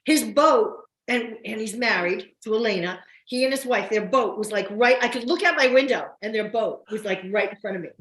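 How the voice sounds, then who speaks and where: An older woman from New Jersey with a New York–New Jersey accent, an actress telling stories in a casual interview, quick and chatty. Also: fairly high pitch, fairly bright tone, reverberant, poor audio. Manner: fast, chatty storyteller. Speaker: guest, soap opera actress.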